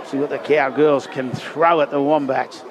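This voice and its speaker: A man's voice: level tone, normal speed. A man commenting live on a rugby league game at an outdoor ground, lifting his voice for big plays. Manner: lifts pitch and volume in big plays. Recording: loud crowd and outdoor noise. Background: crowd and outdoor ambience.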